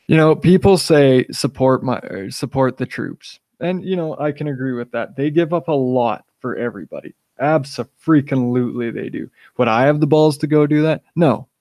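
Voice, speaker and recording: A young man talks into a desk microphone on his live stream, stoned and rambling. His voice sits in an ordinary middle pitch, and the sound is dry with no room around it. He airs blunt opinions and keeps restarting his sentences, padding them with "you know.". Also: a little mellow, no echo. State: high on cannabis. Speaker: channel host live-streaming.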